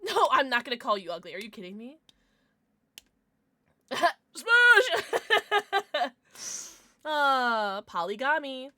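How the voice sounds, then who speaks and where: A woman's voice: on the high side, animated, normal speed, pauses often, sharp tone, dry recording. A young woman livestreamer chatting casually with her viewers, giggly and rambling, with lots of restarts and fillers.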